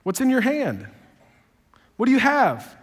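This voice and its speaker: A man preaching a sermon, telling dialogue in conversational voices and building to loud, emphatic peaks. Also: very high voice, wildly swooping pitch, measured pace. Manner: quotes dialogue in conversational voices, self-described sarcastic. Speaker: pastor. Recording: long hall reverb.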